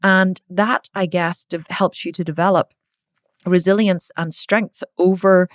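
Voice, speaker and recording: Middle-aged woman podcast host, lowish voice, earnest and emotional, dry close sound. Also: fairly even intonation, unhurried, no room sound. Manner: emotional, earnest, repeats herself for emphasis. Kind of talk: personal reflective monologue.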